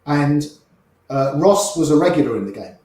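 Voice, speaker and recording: A man's voice: on the high side, animated, moderate pace, darkish tone. An older man casually telling anecdotes as a guest, acting out the voices of people in his stories. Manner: chatty, acts out quoted voices in his tales. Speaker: guest storyteller. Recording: very echoey room.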